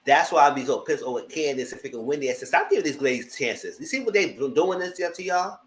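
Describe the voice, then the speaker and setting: Guy doing a live reality tv recap, cussing a lot, super expressive voice, echoey room. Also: fast talker. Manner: animated, blunt and profane, acts out cast members' lines in high voices. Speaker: reality TV reviewer. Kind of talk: live casual recap commentary.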